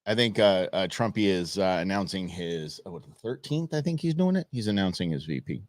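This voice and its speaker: A man from the United States hosting a news talk show, joking and lively, often restarting his sentences. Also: low-pitched, fairly quick, no echo. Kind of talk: casual political chat.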